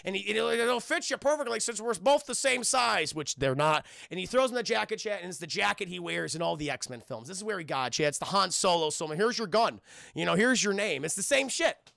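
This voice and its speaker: Excitable, gravelly streamer man. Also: sits high, brisk, dry recording, clean studio sound. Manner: profane, excitable, laughing, addresses chat. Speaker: streamer and film reviewer. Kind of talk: live-streamed spoiler film review.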